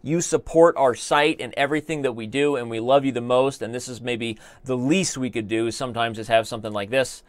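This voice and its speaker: Joking American chess streamer, dry sound. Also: male voice, medium pitch, steady tone, a little fast, few pauses, dry recording. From United States. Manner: joking, rambling, talks to chat. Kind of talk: live chess stream commentary.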